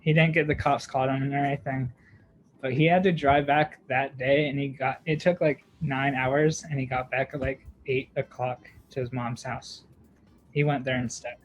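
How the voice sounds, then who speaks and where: A man's voice: medium pitch, little pitch movement, normal speed, lo-fi sound, a little hiss or hum. A young man, a podcast co-host, telling a long story in casual chat, with lots of fillers, "like" and laughter. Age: young adult.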